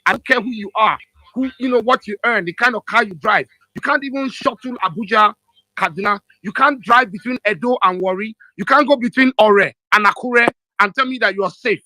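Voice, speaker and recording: A man's voice: sits high, brisk, sharp tone, no echo, rough recording. A young Nigerian man with a Nigerian accent, hosting a live audio chat room and arguing with emotion and force. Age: young adult. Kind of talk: heated live debate.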